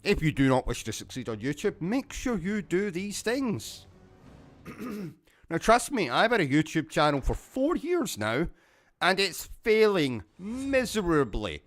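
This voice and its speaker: A man's voice: sits high, very animated, a little slow. A British man hosting a gaming livestream, delivering a rambling, sarcastic mock-serious monologue. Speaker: gaming YouTuber host.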